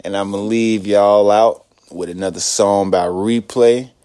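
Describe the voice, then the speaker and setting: A male podcast host with a very deep voice, talking earnestly in relaxed slang. The sound is dry and close, with no room around it. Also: a little slow, smooth, dry recording. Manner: earnest, laid-back slang. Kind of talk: casual chat.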